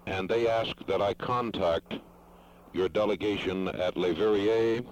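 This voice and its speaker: A man with a very low voice speaks on a phone call in a careful, formal way. He picks each phrase slowly and hesitates now and then, with faint noise in the background. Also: fairly even intonation. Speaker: caller. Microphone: telephone.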